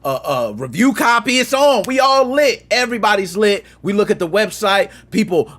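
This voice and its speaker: A man hosting a gaming channel, telling a story in slangy, lively commentary and acting out quotes with sound effects. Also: high-pitched, moderate pace.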